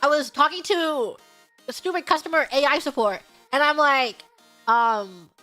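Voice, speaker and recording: High, bright, animated woman streamer. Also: normal speed, faint music behind. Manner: animated, exasperated storytelling with shouted outbursts. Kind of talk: casual stream chat, storytelling.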